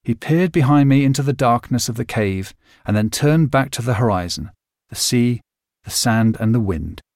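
A man narrates a novel in expressive, scripted storytelling. His pitch moves freely and colorfully through each line. The sound is dry and close, with no room echo. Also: normal speed. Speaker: audiobook narrator.

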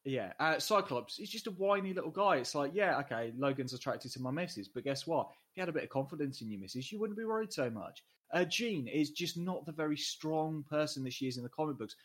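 A man's voice: fairly high pitch, animated, fast talker, hardly any pauses, a bit bright. A man co-hosting a casual film podcast, blunt and sweary with strong opinions. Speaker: podcast co-host.

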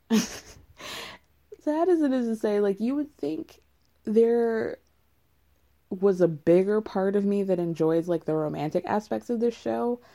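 A woman's voice: medium pitch, animated, slow, vocal fry, long pauses, mellow. A woman casually recapping a reality show, candid and rambling, with frequent laughs.

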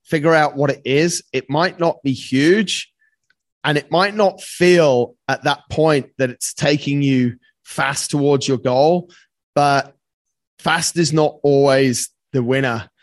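A man's voice: fairly high pitch, slow, dry recording. A man telling a personal story as a podcast guest, earnest and casual, often saying "mate" and swearing freely.

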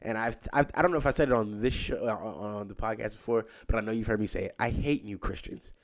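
Ranting podcast host, man, lower voice. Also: quick pace. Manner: animated ranting, swings loud and high when worked up; drops low and quiet when storytelling. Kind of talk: casual podcast chat.

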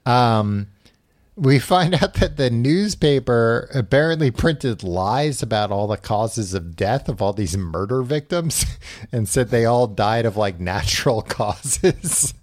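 A man's voice: medium pitch, lively intonation, takes it slowly, no echo, clean studio sound. A man hosting a podcast, recapping a book in casual chat with a wry storytelling manner. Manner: wry, storytelling with acted quotes. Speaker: podcast host.

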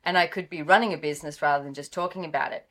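A middle-aged Australian woman, a guest author, telling animated stories and acting out the dialogue. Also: racing. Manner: lively, acts out quoted dialogue with pitch jumps. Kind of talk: animated storytelling in interview.

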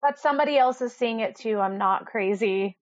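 A woman's voice: fairly high pitch, moderate pace, no echo. A woman hosting a conversation, reflecting on what she hears in a supportive, explanatory way. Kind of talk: casual conversation. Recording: dry, dull lo-fi sound.

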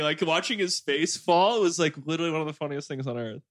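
A man's voice: a little high, fast, dry recording. A man in his late twenties, host of a podcast, telling stories in a casual family chat with lots of "like" fillers. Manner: rambling, heavy on "like" fillers, animated storytelling.

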